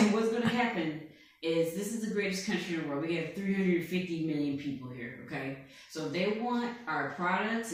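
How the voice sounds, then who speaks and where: A woman's voice: lowish voice, lightly acted. A woman doing a comedy impression of a boastful male president who rambles, brags and keeps tagging "okay?" onto his lines. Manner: bragging, rambling, repeats "okay?". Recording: echoey room, distant mic.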